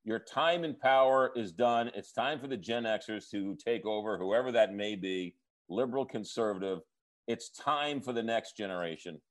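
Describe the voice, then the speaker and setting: A man co-hosting a podcast in casual, earnest chat. His voice sits somewhat low, and he pokes fun at himself as he talks. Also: normal speed. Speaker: podcast co-host.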